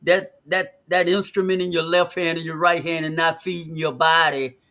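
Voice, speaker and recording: A man's voice: fairly high pitch, little pitch movement, moderate pace, sharp tone. A man co-hosting a live discussion show, stressing his words with emphasis. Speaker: co-host of a live talk show.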